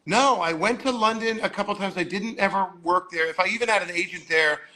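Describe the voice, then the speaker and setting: An animated New man of about sixty spins a rambling anecdote in a bright, forceful voice that sits a little high for a man. He leans into the voices of the people he quotes as he goes. A faint hum of ambience sits behind him. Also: fairly quick, rough recording. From Long Island, New York. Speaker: guest storyteller. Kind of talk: casual anecdote telling. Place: modeling agency office.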